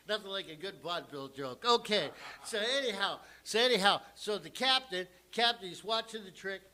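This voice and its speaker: High-voiced rambling profane male comic. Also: sharp tone, a little hiss or hum. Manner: rambling, profane, loses track and restarts. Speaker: comedian. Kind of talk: live stand-up joke telling. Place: small cafe lounge stage.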